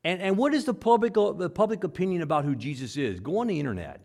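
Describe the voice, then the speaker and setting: A man preaching a sermon, emphatic, swinging from loud, pressing lines to low, quiet ones. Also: expressive, fast. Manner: emphatic, rises loud then drops low.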